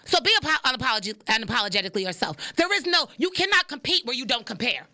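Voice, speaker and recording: A young woman hosting a podcast, preaching in a casual, animated monologue and repeating lines for emphasis. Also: high-pitched, fast talker, hardly any pauses. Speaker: podcast host.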